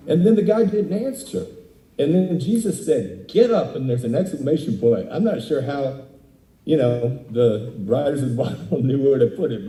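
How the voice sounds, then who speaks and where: A man giving an interactive sermon as a guest speaker, acting out dialogue in animated character voices. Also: medium pitch, reverberant, distant mic, low-quality recording. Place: indoors, speaking remotely at a screen.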